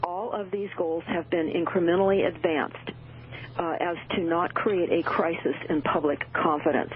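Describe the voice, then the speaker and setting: A woman's voice: on the low side, fairly even intonation, normal speed, a little hiss or hum. A woman talking as a radio show guest, urgent and full of uh and um fillers. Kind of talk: radio call-in talk. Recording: tinny phone line.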